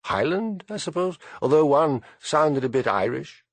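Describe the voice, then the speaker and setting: Man putting on a haughty aristocrat, late fifties, indignant, higher voice, audiobook. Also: very animated, a little slow, no room sound, heavily acted.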